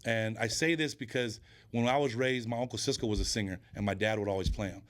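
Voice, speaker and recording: A man guesting on a podcast, chatting casually and telling animated stories, acting out other people's lines. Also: fairly low pitch, fast talker. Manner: animated storyteller who acts out quoted voices. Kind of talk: casual interview chat.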